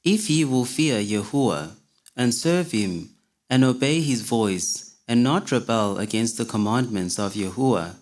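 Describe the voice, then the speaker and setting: Male scripture reader, mid-pitched voice, steady and measured delivery. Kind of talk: reading scripture aloud.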